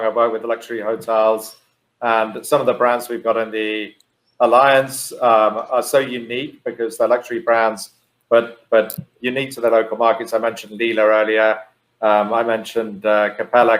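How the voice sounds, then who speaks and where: A man who works with hotel brands, speaking in a measured, slightly hesitant way on a roundtable. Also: mid-range voice, rough recording. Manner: measured, a little hesitant with fillers. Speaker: hotel alliance executive. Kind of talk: casual roundtable chat. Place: Dubai.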